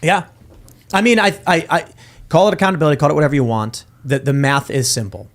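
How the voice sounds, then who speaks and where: A man's voice: fairly high pitch, animated, fast talker. A man hosting a political talk show, arguing his point emphatically in casual chat. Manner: emphatic, argues with acted-out quotes. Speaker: podcast host.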